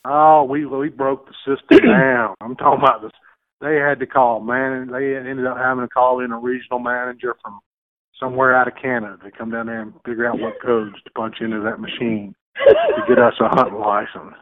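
A man's voice: medium pitch, little pitch movement, a little fast. Man telling a rambling story. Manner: rambling, folksy, lots of restarts and quoted voices. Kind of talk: casual storytelling. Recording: tinny phone-like radio sound.

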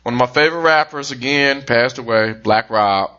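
A man's voice: mid-range voice, moderate pace, pushed and bright, dull audio. A man co-hosting a podcast, telling a jokey story in casual chat, swearing now and then. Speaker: podcast co-host.

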